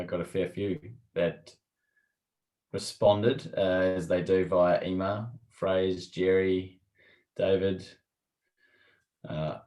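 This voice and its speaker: Male podcast co-host, very deep voice, echoey room, brief matter-of-fact replies. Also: darkish tone. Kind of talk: casual chat.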